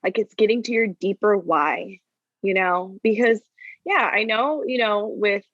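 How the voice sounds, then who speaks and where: A woman's voice: mid-range voice, unhurried, a bit bright, no room sound. Woman, podcast guest, coaching tone, mid-range voice, slightly muffled, dry close sound. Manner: earnest, coaching tone with frequent "right?" and "you know". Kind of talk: conversational interview answers.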